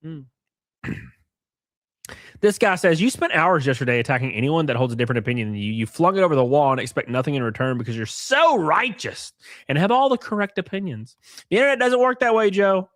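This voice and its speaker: A man's voice: medium pitch, brisk, no room sound, clean studio sound. A man live-streaming, reading posts aloud and ranting at them in a mocking, profane way while drinking. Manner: mocking, profane, animated rants.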